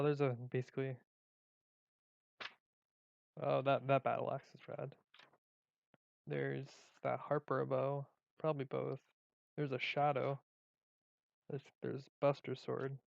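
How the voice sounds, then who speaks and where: A man's voice: mid-range voice, vocal fry, darkish tone, dry recording, dull audio. A man in a casual vlog who rambles and jokes at his own expense. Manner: rambling, joking, self-mocking. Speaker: video creator.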